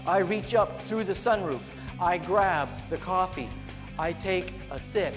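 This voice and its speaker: High-voiced, playful male keynote speaker. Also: unhurried. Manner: animated and playful, acting out funny voices. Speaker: motivational speaker. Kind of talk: comedic keynote speech. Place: large event hall on stage. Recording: echoey hall with music underneath. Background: music.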